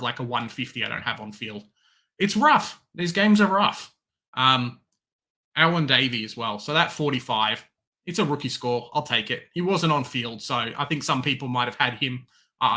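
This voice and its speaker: A young Australian man hosting a fantasy football show in casual chat, animated, swinging from loud excitement to resigned muttering. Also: medium pitch. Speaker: fantasy football podcast host.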